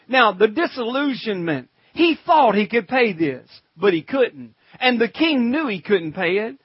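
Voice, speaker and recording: A pastor preaching a sermon in a conversational way, calling out to the congregation and reading scripture in old-fashioned wording. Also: male voice, sits high, expressive, a little slow, breathy edge, dry recording, highs cut off.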